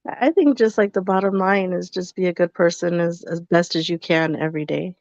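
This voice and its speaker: A woman in her forties on a live podcast, talking in a relaxed, plainspoken way with frequent "like" and restarts. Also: fairly low pitch, brisk, no echo. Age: 40s. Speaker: podcast co-host. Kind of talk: casual live podcast chat. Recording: dull, dry sound.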